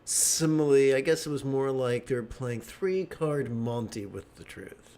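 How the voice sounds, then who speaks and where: Slow, wry male meditation teacher. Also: mid-range voice, dark tone, a little hiss or hum. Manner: wry, joking storyteller. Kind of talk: livestream dharma talk.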